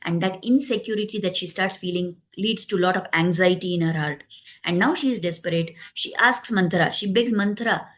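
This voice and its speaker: A woman retelling a devotional epic in an explanatory way, with pauses and fillers. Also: lowish voice, fairly bright tone. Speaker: storyteller.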